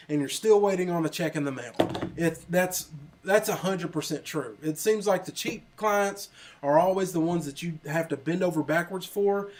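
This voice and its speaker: A high-pitched man with an American Southern country accent hosts a livestream from an office. He chats casually and reads out comments, rambling with lots of ums and restarts.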